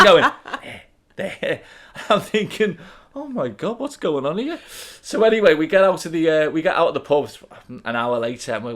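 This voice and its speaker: Animated Liverpool man telling stories. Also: on the high side. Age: 30s. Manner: animated, laughing storyteller. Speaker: podcast co-host. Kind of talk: casual storytelling chat.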